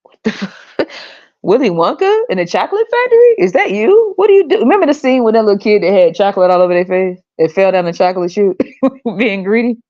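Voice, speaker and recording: Profane, animated woman podcast host. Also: mid-range voice, quick pace, lo-fi sound. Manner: profane, animated, laughs often. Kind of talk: casual monologue rant.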